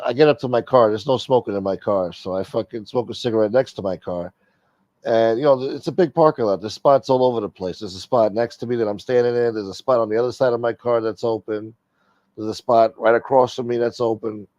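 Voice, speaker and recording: A man hosting a casual talk show, swearing freely and telling stories with animated energy. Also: medium pitch, dry recording, dull audio. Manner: profane, animated storytelling. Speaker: host. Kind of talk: casual chat.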